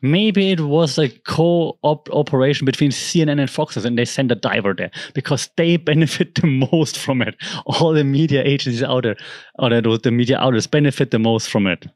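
A podcast host whose first language is German talks through the news in a rambling, conversational monologue, frequently restarting his sentences. His medium-pitched voice is brisk and darkish in tone, with no room sound.

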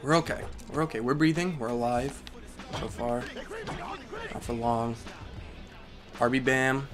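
A young man commentating his own football video game, trailing off into mumbles and then bursting into angry yells at the players. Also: medium pitch, fairly even intonation, a little slow, music in the background. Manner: swings from mumbling to yelling at the game. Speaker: gaming commentator. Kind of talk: let's play commentary. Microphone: headset or desk microphone.

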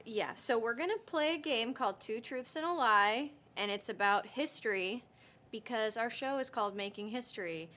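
A woman's voice: a little high, moderate pace, sharp tone. A woman running a history quiz game in a casual promo, upbeat and giggly. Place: indoor promo shoot.

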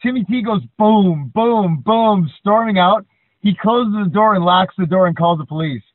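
A man's voice: high voice, normal speed, no room sound. A man co-hosting a podcast in casual chat, telling stories and often tagging lines with "right?". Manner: chatty, frequent "right?" tags, animated storyteller. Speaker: podcast co-host. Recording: dry, tinny phone-like line.

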